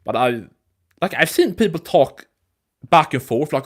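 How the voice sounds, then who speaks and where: A man's voice: on the high side, big pitch swings, unhurried, long pauses. A man hosting a live MMA news stream, talking casually in a loose, rambling, profane way. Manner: rambling, loose and profane, with frequent restarts and fillers.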